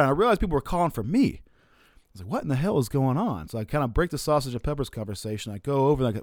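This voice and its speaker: An adult man telling a personal story in a casual way, relaxed and profane, laughing often and using lots of fillers. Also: mid-range voice, racing, no room sound, studio quality. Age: adult, looking back on his college years.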